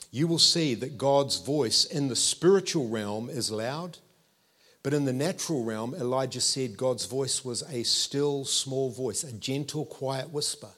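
This preacher, a man in his fifties with a New Zealand accent, uses a medium-pitched voice. His sermon is chatty and lively, and he keeps checking in with his audience.

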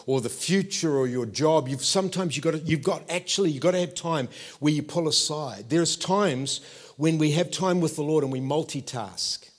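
With a medium-pitched voice and a New Zealand accent, a man in his fifties gives an animated, conversational sermon. Along the way he checks in with the people listening.

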